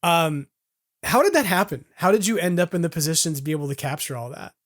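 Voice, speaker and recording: A man's voice: fairly high pitch, lively intonation, fast, a bit bright. A man hosting a casual podcast chat, playful and joking, riffing on ideas with lots of "like" and "right". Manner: playful, joking, riffs on ideas with many fillers. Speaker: podcast host.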